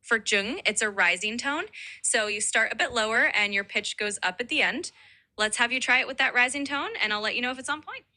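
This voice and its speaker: AI voice assistant, female, very bright tone, cheerful encouraging tutor. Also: on the high side, brisk. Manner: upbeat, encouraging, overly nice. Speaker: AI language tutor voice. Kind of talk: chatbot voice assistant.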